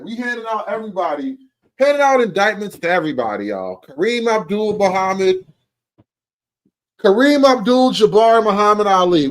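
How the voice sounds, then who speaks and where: A man hosting a comedy commentary show, profane and mocking, stretching out names slowly. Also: sits high.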